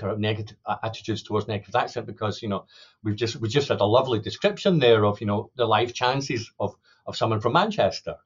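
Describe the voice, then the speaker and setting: Man, academic guest, earnest explaining, hesitant restarts, muffled lo-fi sound. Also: on the low side. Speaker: sociolinguistics academic, podcast guest. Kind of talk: explaining research in an interview.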